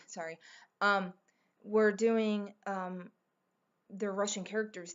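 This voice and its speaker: A woman's voice: medium pitch, dull audio. A woman chatting in a casual vlog, gushing and rambling with lots of fillers and restarts. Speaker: vlogger.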